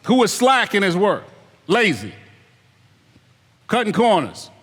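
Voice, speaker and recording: High-pitched preacher man, emphatic and repetitive, lots of rhetorical questions, long reverb like a big hall. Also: big pitch swings, takes it slowly, fairly bright tone, husky. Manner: mimics lazy excuses in put-on voices. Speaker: elder preaching. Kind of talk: sermon.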